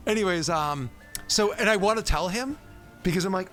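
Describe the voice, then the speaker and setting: A man hosting a casual video-call chat from home, rambling and animated, with faint music behind. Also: high-pitched, moderate pace. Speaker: host and game master.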